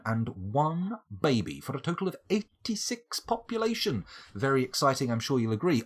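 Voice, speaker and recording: A man's voice: mid-range voice, slightly rough. A man giving casual live-stream gameplay commentary, rambling off into playful tangents and wordplay. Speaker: game streamer.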